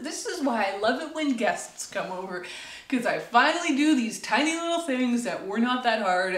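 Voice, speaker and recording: A young woman from Canada talks through her home projects in a chatty, upbeat vlog voice that sits a little high. A faint hiss sits under the camera mic in her old house. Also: animated, a little slow, a bit bright. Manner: chatty and upbeat, narrating tasks with small laughs. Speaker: home renovation vlogger. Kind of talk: casual vlog narration.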